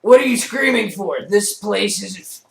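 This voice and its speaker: A man voicing a boastful, muscle-bound male monster in a loud, strained put-on voice. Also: sits high, measured pace, creaky, distant mic, slight background noise, pitched above the performer's own voice, exaggerated voice. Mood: scoffing. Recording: roomy echoey room.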